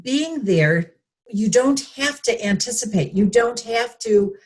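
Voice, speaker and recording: A woman's voice: a little high, big pitch swings, slow pace, darkish tone. A woman guest in a conversational interview, reflective and hesitant, with frequent fillers.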